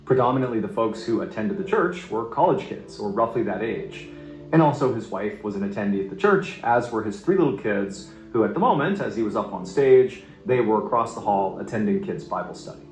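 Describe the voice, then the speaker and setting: A man narrating a true story in a casual, animated way, building suspense with casual asides. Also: lowish voice, a little fast, echoey room, soft background music, low-quality recording.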